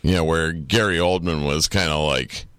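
A man's voice: extremely low pitch, steady tone, moderate pace, a bit bright, no echo. A man co-hosting a podcast in casual chat, laid-back and swearing freely. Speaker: podcast co-host.

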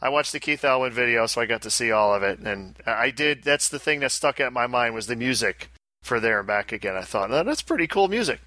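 A man's voice: mid-range voice, animated, brisk, bright, forceful tone, no echo. A man co-hosting a casual pinball podcast, joking and self-deprecating in loose banter. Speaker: podcast co-host.

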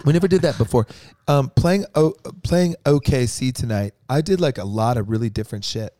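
A man's voice: mid-range voice, a little fast, mellow, no room sound. A man from a touring band rambles through a casual backstage chat, joking and swearing as he circles back to his point. The sound is dry and close, with no room around him.

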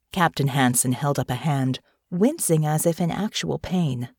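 A woman narrating an audiobook in a measured, even storytelling manner. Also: deep voice, husky, no echo, studio quality.

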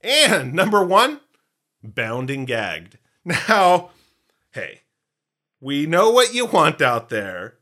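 Male podcast co-host, playful and hammy, slightly high voice. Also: wildly swooping pitch, extremely slow, long pauses, sharp tone. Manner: playful, jokey, hammy pirate bits. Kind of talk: casual chat.

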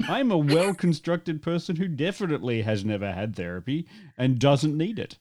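A man's voice: on the high side, expressive, normal speed, a little mellow. A man co-hosting a pop culture podcast, joking and laughing often in casual chat. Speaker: podcast co-host.

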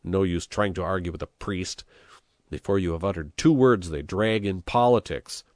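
A man's voice: low-pitched, normal speed, no room sound, studio quality, lightly acted. A man reading an audiobook, voicing a blustering, hot-tempered male communist mayor who roars threats. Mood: grumbling. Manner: roaring, threatening.

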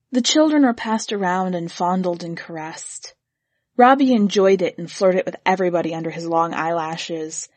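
A woman narrating a story in a measured, gently expressive reading. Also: mid-range voice, slightly rough, no echo.

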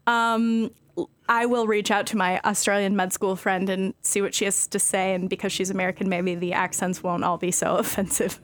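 A young woman from California talks casually on a podcast, chatty and quick to poke fun at herself. Her voice sits in an ordinary middle range. The recording is dry and close, with no room sound. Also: mid-range voice, level tone, no room sound. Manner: chatty, self-deprecating, laughs often. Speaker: medical student co-host.

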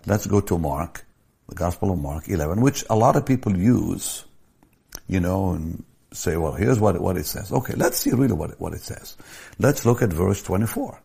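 A man's voice: low-pitched, animated, moderate pace, creaky, warm tone, slightly rough. An older man preaching a sermon, telling a story from his ministry and pressing his points with emphatic stresses.

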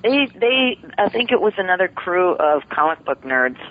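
A woman's voice: on the low side, sing-song, normal speed, a little hiss or hum. A woman voice actress, a guest on an interview show, chatting casually with lots of laughter and self-deprecating humor. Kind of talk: casual podcast interview chat. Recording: tinny phone line, dry.

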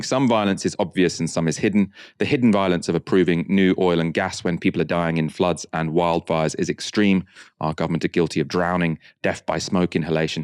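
Low-voiced host guy, calm questions, dead dry sound. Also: no room sound. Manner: measured, reads quotes aloud, asks long questions. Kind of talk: political discussion show.

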